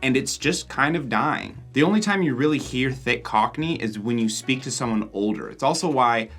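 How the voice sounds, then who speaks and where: A man's voice: mid-range voice, animated, moderate pace, fairly bright tone, faint music behind. A man hosting a travel vlog, narrating in a candid, jokey way and swearing casually. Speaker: travel vlogger and host.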